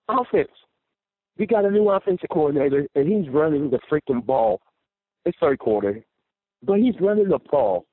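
Sick angry guy ranting on a phone line, husky voice, swings up and down a lot. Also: fairly high pitch, expressive, normal speed, no room sound. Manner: angry ranting, repeats himself. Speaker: caller. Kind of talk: phone-in rant.

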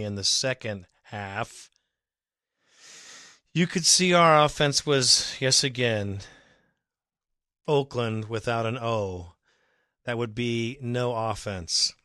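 A man's voice: medium pitch, sharp tone, no room sound, clean studio sound. A man hosting a fan podcast, ranting emphatically and with exasperation about his team's coaching. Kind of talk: ranting sports commentary.

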